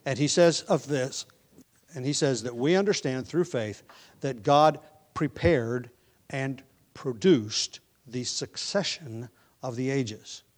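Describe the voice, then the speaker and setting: A man teaching a sermon through a Bible book verse by verse, measured and deliberate, slowing down to stress key points, with occasional ums and self-corrections. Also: medium pitch. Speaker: preacher.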